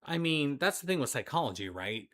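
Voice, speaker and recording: A man's voice: a little high, big pitch swings, brisk, a bit bright. A young man co-hosting a casual late-night chat, easygoing and thinking aloud. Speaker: co-host.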